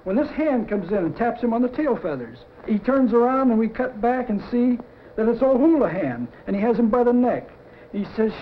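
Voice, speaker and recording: A middle-aged man, a cartoon story man, pitching a storyboard animatedly and acting out sound effects as he goes. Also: animated, moderate pace, slight background noise. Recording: dull lo-fi 1950s TV audio.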